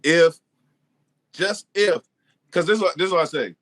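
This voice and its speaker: A man appearing as a guest on a talk show, talking casually in a soft, hesitant way with many fillers. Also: a little high, normal speed. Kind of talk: casual chat.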